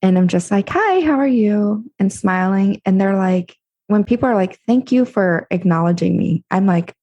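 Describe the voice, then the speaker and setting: Gravelly-voiced chatty woman guest. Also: mid-range voice, moderate pace, dull audio. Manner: chatty, animated storyteller. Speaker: podcast guest. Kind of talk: casual chat.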